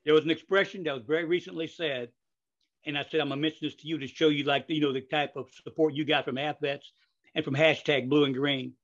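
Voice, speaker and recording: A man's voice: a little high, fairly even intonation, quick pace. Older man rambling in lo-fi audio. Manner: rambling, with many fillers and restarts. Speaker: podcast host. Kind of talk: casual interview chat. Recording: dull lo-fi audio.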